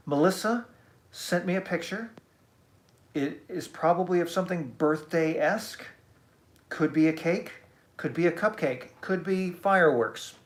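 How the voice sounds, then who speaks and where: A man's voice: fairly high pitch, measured pace, long pauses. A man hosting a casual live stream, chatty and self-deprecating as he reads out comments. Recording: echoey room.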